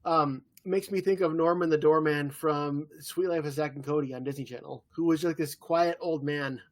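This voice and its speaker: A man co-hosting a podcast in casual chat, relaxed and agreeable, often backing up his partner. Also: a little high, normal speed. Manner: relaxed, agreeable, with frequent short yeahs. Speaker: podcast co-host.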